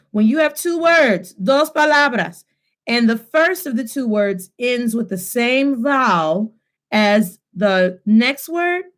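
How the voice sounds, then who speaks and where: A young adult woman teaching a live online Spanish lesson, lively and switching between English and Spanish as she drills repetition. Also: fairly high pitch.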